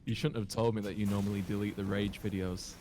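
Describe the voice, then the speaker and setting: A man's voice: lowish voice, flat delivery, quick pace, dark tone. A young man chatting casually while gaming, joking and laughing often. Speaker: gaming co-player. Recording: game sounds and noise underneath.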